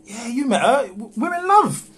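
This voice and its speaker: A man reading a young man who is backing out of an affair with a married woman, calm and measured, in a live script read-through over a phone. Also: very high-pitched, slightly rough, heavily acted. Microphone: phone on a livestream.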